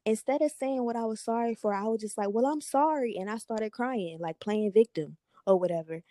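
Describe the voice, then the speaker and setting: A young woman hosting a podcast, telling a personal story in a candid, profane, animated way. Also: mid-range voice, brisk, no echo. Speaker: podcast host. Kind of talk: casual storytelling chat.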